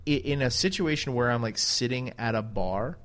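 A man's voice: medium pitch, expressive, moderate pace, a bit bright. A man co-hosting a casual chat, rambling and hedging with many fillers and restarts. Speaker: podcast co-host.

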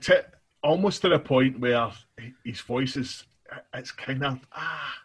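A man's voice: mid-range voice, slow pace, fairly bright tone, breathy edge. A man with a Scottish accent co-hosting a podcast in casual chat, hesitant with many ums and restarts. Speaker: podcast co-host.

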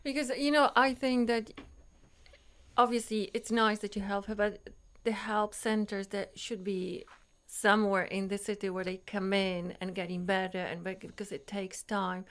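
A woman in casual podcast chat, explaining a point in a measured way. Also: mid-range voice, steady tone, a bit bright.

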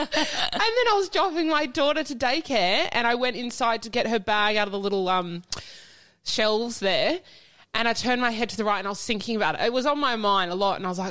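A woman's voice: a little high, fairly quick. A woman, co-hosting a podcast and telling stories animatedly. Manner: animated, laughing storyteller. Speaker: podcast co-host. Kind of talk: casual chat.

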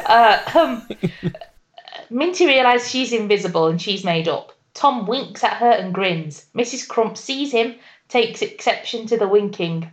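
A woman's voice: fairly high pitch, expressive, slow, lo-fi sound. A woman co-hosting a podcast, chatting casually and joking about a TV series. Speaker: podcast co-host. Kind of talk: casual chat reviewing a TV series.

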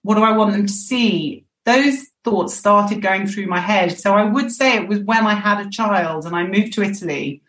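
A woman's voice: medium pitch, normal speed, few pauses, fairly bright tone, reverberant. A woman in her forties, a podcast guest talking candidly and reflectively in casual conversation.

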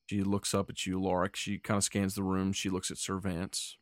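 A man running a tabletop game with casual, chatty narration. His voice is very low. The sound is dry and close. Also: completely flat delivery, normal speed, no room sound. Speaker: game master.

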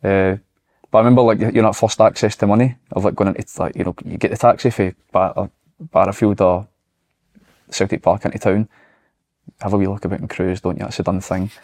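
A man's voice: deep voice, steady tone, a little fast, darkish tone. A Scottish man, a footballer guest on a podcast, telling candid, reflective stories in casual chat. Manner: candid, reflective anecdotes, quotes his father.

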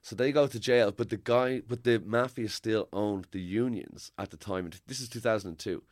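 Irish man, low voice, rambling storyteller, dry close sound. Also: moderate pace, no room sound. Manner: rambling anecdotal storytelling, swears. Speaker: guest. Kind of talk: casual podcast chat.

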